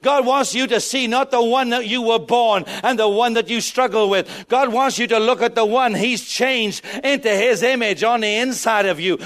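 A man preaching a sermon to a congregation, animated and asking them questions. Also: sits high. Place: church with a congregation.

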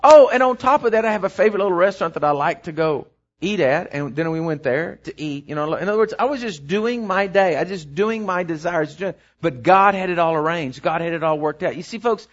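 A middle-aged pastor preaches in a slightly high voice, wandering through a personal story with fillers and restarts before pushing into excited, emphatic points. The sermon recording sounds dull and lo-fi. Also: male voice, a little fast. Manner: rambling anecdote that builds into emphatic, excited preaching.

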